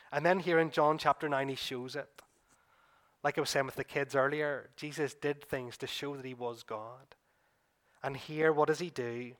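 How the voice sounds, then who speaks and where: A man preaching a sermon as pastor, retelling a gospel story vividly and speaking to listeners as "you", building to excited peaks and then dropping quiet. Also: medium pitch.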